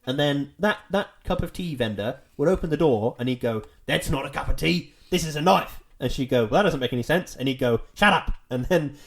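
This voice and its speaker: A man's voice: fairly high pitch, animated, fairly quick, gravelly, hardly any pauses. A young man, chatting casually as a podcast co-host, rambling and wry, often trailing off into a mumble. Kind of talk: casual chat.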